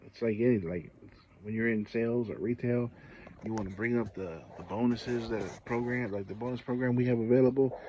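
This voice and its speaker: He speaks briskly in a medium-pitched, mellow voice, though the audio is dull with a bit of background noise. The Samoan channel host, an adult parent, vents to viewers in a casual vlog story, stressing points with exasperation and indignation and frequently using fillers and restarts.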